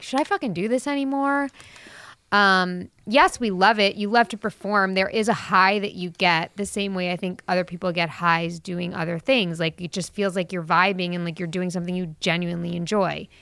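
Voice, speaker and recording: A woman in her thirties talking candidly in casual chat, swearing freely and getting animated. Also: mid-range voice, smooth, dry recording. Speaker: actress and mother, podcast guest.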